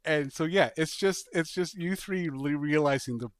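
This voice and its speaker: A man hosting a podcast, chatting casually and pitching a sketch idea with animated storytelling and bursts of laughter. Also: normal speed, no room sound. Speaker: podcast host. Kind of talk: casual chat.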